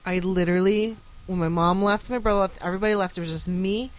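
A young woman, a podcast guest, chatting casually and telling stories with lively acted-out quotes. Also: medium pitch, fast talker, poor audio. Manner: animated storyteller, acts out quotes. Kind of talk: casual chat.

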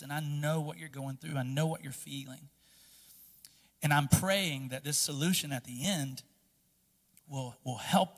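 A man preaching a sermon in a big church hall, his bright, forceful voice ringing out with a long tail of reverb. His pitch sits a little high for a man. He leans in close and confiding, then climbs into loud, impassioned preaching. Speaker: pastor. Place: church sanctuary.

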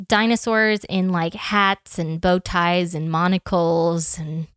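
A woman's voice: fairly low pitch, fairly even intonation, takes it slowly, fairly bright tone, clean tone, no room sound, studio quality. A young woman co-hosting a podcast, chatting in an enthusiastic, playful way. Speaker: podcast co-host. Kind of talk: casual chat.

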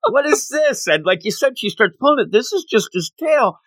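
Man, co-host, high-ish bright voice, bouncy delivery, dry close sound. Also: a little fast, husky, no room sound. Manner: animated, giggly, acts out quotes. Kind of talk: casual chat recapping a comic.

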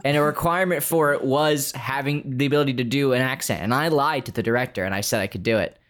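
A man's voice: mid-range voice, quick pace, fairly bright tone. A man from Delaware hosting a casual podcast, joking with friends and reading chapter recaps. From Delaware, USA. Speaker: podcast host.

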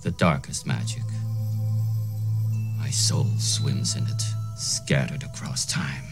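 An actor playing an ancient cursed sorcerer in a film clip, whispery and cackling. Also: male voice, a bass voice, steady tone, slow pace, creaky, exaggerated voice. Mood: eerie. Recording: film clip with loud music.

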